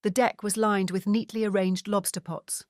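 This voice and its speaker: A woman's voice: medium pitch, flat delivery, normal speed, dry recording. Woman narrating an audiobook, dry. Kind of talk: scripted narration.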